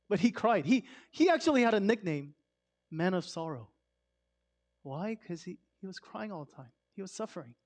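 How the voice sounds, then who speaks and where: Guy preaching, high voice, casual sermon, lots of "why?" questions, gets loud then goes soft. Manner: conversational, swings between loud emphasis and soft hush; asks rhetorical questions. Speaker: pastor.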